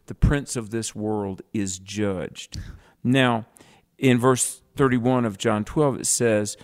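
A man co-hosting a Bible teaching show, reading scripture aloud and explaining it with emphatic contrasts. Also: mid-range voice.

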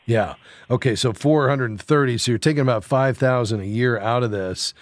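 A man's voice: medium pitch, a little fast, dry recording. A man hosting a call-in radio advice show, friendly and reassuring, explaining things step by step to callers.

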